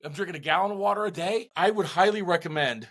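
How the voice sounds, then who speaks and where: A middle-aged man in casual podcast chat, animated and rambling, with many restarts. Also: high-pitched, fast talker. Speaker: podcast co-host.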